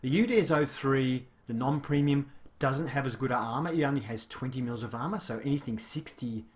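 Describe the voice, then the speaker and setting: Male game reviewer, mid-pitched, casual and chatty, explains things with plenty of fillers. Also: moderate pace, a little hiss or hum.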